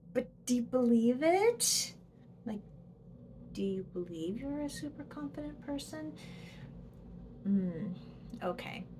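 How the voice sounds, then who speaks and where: A psychologist and presenter speaks to camera in a casual educational talk, explaining with examples and dropping to a whisper for the inner voice. Her voice sits on the high side with a warm tone, and there's a little hiss or hum.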